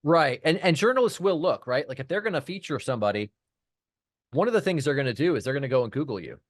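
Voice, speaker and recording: A man talking as a podcast guest, telling a work story in a casual, lively way, often restarting his sentences. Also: on the high side, fast talker, dry recording, clean studio sound. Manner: animated anecdote teller, many restarts. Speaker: podcast guest, PR firm founder.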